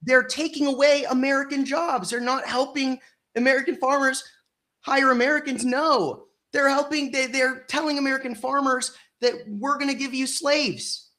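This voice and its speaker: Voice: high voice, steady tone, normal speed, pushed and bright. A guest on a live stream making indignant, emphatic points in discussion.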